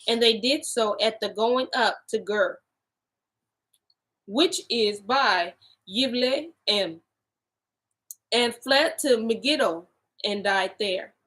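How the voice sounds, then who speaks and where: Woman, fairly high voice, slow careful reading, restarts, slangy asides. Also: a bit bright, low-quality recording. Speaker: host reading scripture aloud. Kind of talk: casual Bible study reading and chat.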